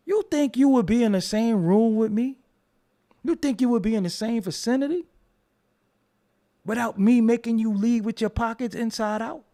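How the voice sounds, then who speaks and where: A man's voice: extremely high pitch, normal speed, mellow. A middle-aged man from Brooklyn, ranting on a livestream. He is confrontational, profane and mocking, and he laughs between jabs. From Brooklyn, New York. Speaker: livestreamer answering chat. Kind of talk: heated livestream rant.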